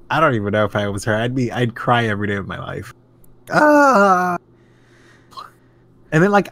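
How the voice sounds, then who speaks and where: A man's voice: mid-range voice, a bit bright. A man co-hosting a casual podcast chat, ranting animatedly and swearing freely. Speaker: podcast co-host.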